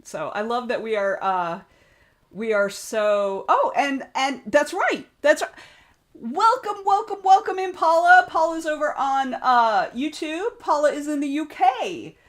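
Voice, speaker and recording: A woman's voice: sits high, lively intonation, unhurried. A woman with a Southern accent from Georgia chats on a livestream. She rambles easily from topic to topic and greets her viewers one by one. Her voice comes through a desk mic at her computer. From United States. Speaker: streamer and author. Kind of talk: casual livestream chat.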